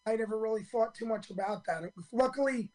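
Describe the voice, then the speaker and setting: Hoarse man in his fifties, rambling. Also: high voice, fast, darkish tone, rough recording. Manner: earnest and rambling, many ums and restarts. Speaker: stand-up comedian guest. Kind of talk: radio interview storytelling.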